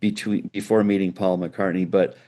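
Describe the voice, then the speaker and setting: A middle-aged man, a guitar builder, chatting as a guest in an interview and telling animated, loose stories with frequent restarts. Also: low voice, normal speed. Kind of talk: casual storytelling interview.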